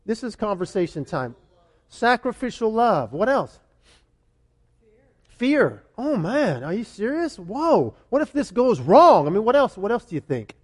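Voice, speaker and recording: High-pitched pastor guy, chatty sermon, keeps repeating for emphasis. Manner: animated, conversational preaching with emphatic repetition.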